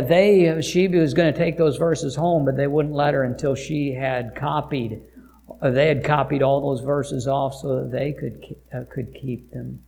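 Gravelly-voiced pastor telling a story. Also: male voice, on the high side, darkish tone. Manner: hesitant, frequent filler sounds and restarts. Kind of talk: storytelling sermon.

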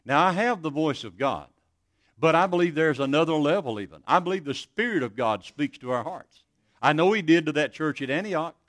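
A man's voice: on the high side, expressive, a little fast, fairly bright tone, no echo, studio quality. A man preaching a sermon, telling stories in an earnest voice and often restarting his words. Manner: earnest, storytelling with many restarts.

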